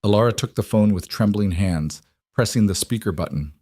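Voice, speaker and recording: A man narrating a dramatic story in a steady, scripted reading. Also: deep voice, moderate pace, no echo, studio quality.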